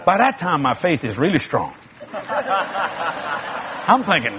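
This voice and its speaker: A man's voice: fairly high pitch, big pitch swings, measured pace, noisy background. A middle-aged male preacher, telling a folksy, joking story in a sermon. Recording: dull lo-fi recording.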